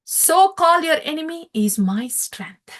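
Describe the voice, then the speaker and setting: A woman's voice: high voice, lively intonation, takes it slowly, fairly bright tone, voice pushed up, full character voice. A woman voicing a devout young boy who speaks earnestly and emphatically.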